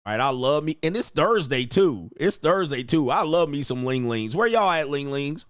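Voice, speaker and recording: A man's voice: a little high, expressive, normal speed, a bit bright, no room sound, clean studio sound. A man hosting a livestream, ranting crudely and rambling, constantly saying "all right" between points. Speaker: livestream host. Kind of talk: casual livestream rant.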